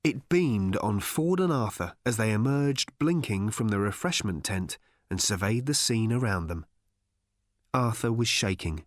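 A man reading an audiobook aloud as narrator, in a wry, measured storytelling manner, recorded in a studio. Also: fairly low pitch, lively intonation, no room sound. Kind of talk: scripted narration.

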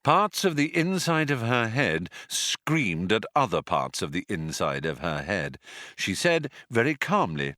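Wry male audiobook narrator, lively pitch. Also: unhurried, no room sound, studio quality.

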